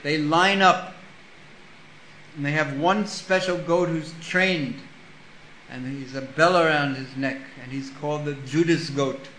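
A man giving a sermon, reading a scripture passage and explaining it with lively stories. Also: on the high side, a little slow, roomy sound, a little hiss or hum, rough recording. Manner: storytelling with acted-out voices. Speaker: spiritual teacher.

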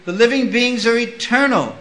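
A man giving a sermon, reading a scripture passage and explaining it with lively stories. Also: very high voice, normal speed, reverberant, poor audio. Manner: storytelling with acted-out voices. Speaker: spiritual teacher.

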